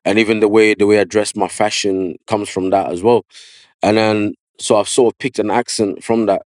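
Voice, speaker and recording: Podcast guest: male barber, London accent, low voice, slangy, animated, dry close mic. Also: normal speed, no echo. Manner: animated storyteller, slangy, repeats "yeah" and "you know what I mean". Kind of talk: casual storytelling interview. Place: podcast studio.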